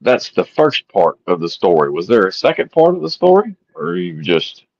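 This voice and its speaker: A man's voice: low voice, big pitch swings, moderate pace, dry recording. A man hosting a podcast, asking questions and chiming in briefly during a casual interview. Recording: dry, dull lo-fi audio.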